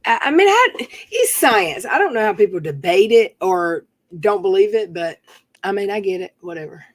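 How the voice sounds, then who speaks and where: A woman's voice: medium pitch, sing-song, normal speed, dry recording. A woman from North Carolina, hosting a live stream and chatting casually in a rambling way with lots of fillers. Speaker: stream host.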